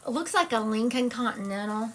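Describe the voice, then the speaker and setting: A woman's voice: on the high side, expressive, a little fast, a little hiss or hum. Chatty Southern woman on a live stream. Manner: chatty, rambling, self-correcting. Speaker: psychic medium. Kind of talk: casual live-stream chat.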